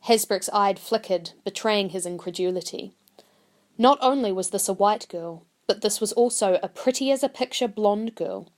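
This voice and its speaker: A woman reading a short story aloud, voicing characters and speaking Māori phrases. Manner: voices characters with rising pitch and Māori phrases. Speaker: narrator.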